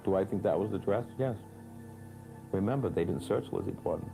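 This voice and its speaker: Deep gravelly man, blunt and skeptical. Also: a little fast, poor audio. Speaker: interviewee. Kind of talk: documentary interview. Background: music bed.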